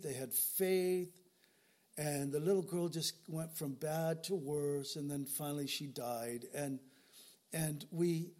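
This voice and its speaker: Older male pastor, earnest storytelling sermon, voice on the higher side. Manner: earnest, storytelling, repeats words when moved.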